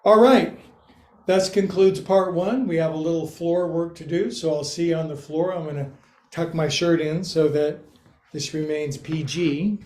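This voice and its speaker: A man's voice: on the high side, steady tone, moderate pace, dark tone. A man teaching a guided yoga class, calling out poses, counting holds aloud and joking about words along the way. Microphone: livestream from his own space.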